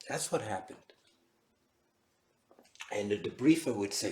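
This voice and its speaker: Man, lecturer, animated storytelling, mid-pitched, echoey room, faint noise. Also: unhurried, pauses often. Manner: animated, dramatic retelling.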